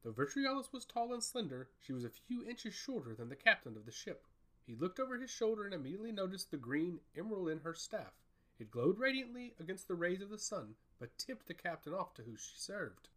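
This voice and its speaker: A man reads a fantasy story aloud in a storybook style. His voice sits a little high for a man and moves through a wide, animated range of pitch as he narrates. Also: fairly quick.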